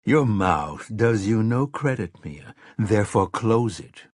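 A man's voice: lowish voice, expressive, slow pace, no echo, clean studio sound, exaggerated voice. A man voicing a suave, condescending male villain in an audiobook. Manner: smooth, condescending. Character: suave sinister male vampire lord, mocking.

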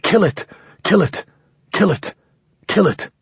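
A dying bearded man rasps and gasps his words in a strained, raised voice, as a male narrator puts him on. His lines swing between terror and spite. The audiobook sound is dull and lo-fi. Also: mid-range voice, lively intonation, slow pace, dry recording, voice pushed up, full character voice. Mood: frantic shrieking. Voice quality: gasping, rasping.

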